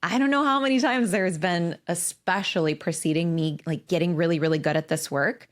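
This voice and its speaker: A woman's voice: on the low side, fairly quick. A woman in her forties hosting a casual solo podcast, candid and emphatic, swearing freely as she talks. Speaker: podcast host and coach.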